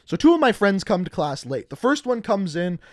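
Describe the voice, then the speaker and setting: A young man from Canada casually telling funny school stories, animated and acting out the people he quotes. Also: high voice, moderate pace, dry recording, studio quality. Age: young adult. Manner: animated, acts out quotes with laughs. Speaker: storyteller. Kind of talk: casual storytelling.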